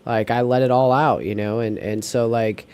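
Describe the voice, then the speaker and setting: Guy rambling on a podcast, lots of likes and you-knows, middle pitch. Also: fairly even intonation, normal speed, a little mellow, clear, resonant tone. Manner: rambling, many fillers and restarts. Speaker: podcast co-host. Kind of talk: casual podcast chat.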